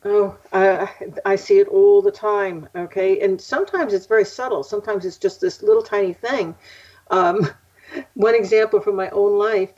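An older woman chats through anecdotes as a guest, laughing easily as she goes. Her voice is a bit husky and breathy, at a middling pitch. The recording is muffled and lo-fi. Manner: chatty, laughs often, animated storyteller. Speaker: psychic guest. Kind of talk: casual interview storytelling. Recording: muffled lo-fi audio.

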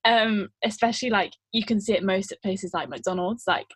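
A young woman chatting on a podcast, bubbly and quick to giggle, with plenty of "like" in every sentence. Her voice has a soft, slightly breathy edge, and it is recorded close and dry. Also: medium pitch, no room sound. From United Kingdom. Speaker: guest. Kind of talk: casual podcast interview.

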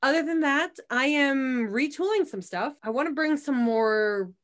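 Woman, 30s, podcast host, casual rambling chat, slightly high voice. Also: measured pace. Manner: chatty, rambling, frequent restarts.

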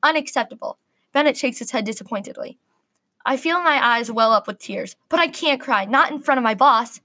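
A woman narrating a first-person story in an earnest, expressive reading. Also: fairly high pitch, fairly quick.

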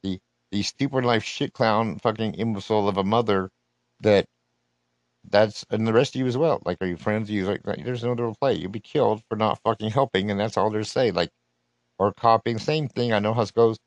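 A man's voice: fairly low pitch, a little fast, no room sound, low-quality recording. A man delivering an unscripted live rant, profane, threatening and rambling. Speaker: solo podcaster.

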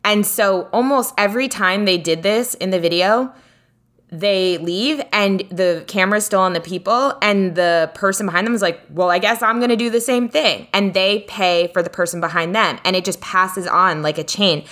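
A woman's voice: mid-range voice, normal speed, a bit bright. A woman co-hosting a podcast in casual chat, rambling with many filler words as she animatedly retells a story. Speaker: podcast co-host.

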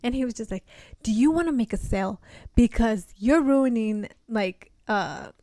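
A young woman co-hosting a podcast, telling a story with lively acted quotes and a few Spanish words mixed in. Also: on the high side, normal speed, dry recording, clean studio sound. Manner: animated storytelling, acts out quotes, code-switches into Spanish. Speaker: podcast co-host. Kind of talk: casual chat.

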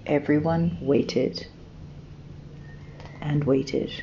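A woman from New Zealand narrating a children's story and explaining a festival, in a gentle, unhurried way, in a dull lo-fi recording. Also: low-pitched, steady tone, slight background noise. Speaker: storyteller, podcast host.

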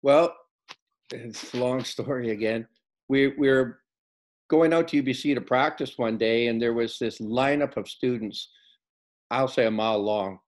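A man's voice: mid-range voice, unhurried. Man telling coaching stories with acted dialogue. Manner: tells stories by acting out quoted dialogue. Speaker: basketball coach. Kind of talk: casual storytelling interview.

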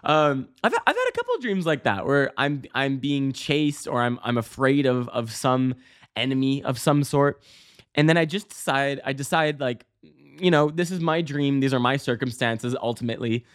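Male podcast host, mid-pitched, rambling casual storyteller, swears freely, yelps high when acting out scenes. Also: expressive, normal speed, a bit bright. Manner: rambling, many fillers and restarts, swearing.

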